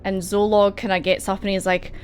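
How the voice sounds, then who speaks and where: A woman's voice: mid-range voice, little pitch movement, fairly quick, faint music behind. A woman narrating as game master, hesitating often over fillers and laughing between lines. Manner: hesitant, filler-heavy, giggly.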